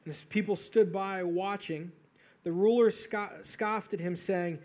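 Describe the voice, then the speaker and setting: High-voiced man preaching a sermon. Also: normal speed, darkish tone. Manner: earnest, rises to fervent emphasis. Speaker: pastor.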